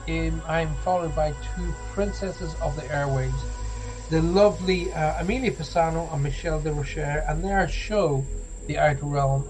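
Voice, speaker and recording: A man's voice: a little high, low-quality recording. A British man hosting a live late-night radio talk show, chatting in a rambling, self-deprecating way with lots of fillers. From United Kingdom.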